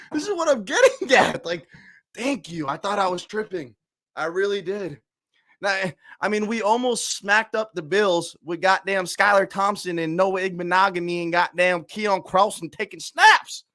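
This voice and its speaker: A man in his twenties, a sports fan streamer ranting emotionally to his chat, swinging from shouts to hushed murmurs. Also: sits high, expressive, normal speed. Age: 20s. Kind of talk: excited casual fan rant.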